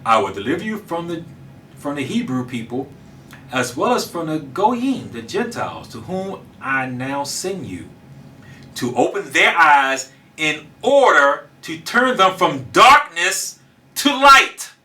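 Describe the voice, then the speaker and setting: A man delivering a sermon in a high, piercingly bright voice. He talks in a casual, colloquial way and turns to his listeners directly. He presses his points with fervent emphasis. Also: big pitch swings, slow. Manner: fervent, rising to loud emphatic preaching; casual colloquial speech, addresses audience directly. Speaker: preacher.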